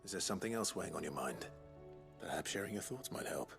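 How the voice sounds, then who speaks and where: An actor playing an earnest young warrior who speaks calmly and in a measured, soft-spoken way. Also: male voice, low voice, vocal fry, music in the background.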